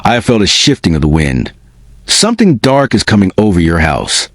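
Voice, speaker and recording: A man voicing a gentle, cryptic old blind banshee woman with an Irish accent in a storybook reading. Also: low-pitched, big pitch swings, normal speed, dry recording, studio quality. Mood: ominous.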